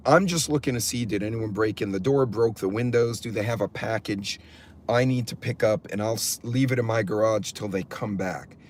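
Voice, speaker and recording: A man's voice: mid-range voice, a little hiss or hum. A middle-aged man hosting a preparedness channel, chatting casually on a livestream and answering viewers' comments as he rambles and swears freely. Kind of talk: casual livestream talk, reading chat aloud.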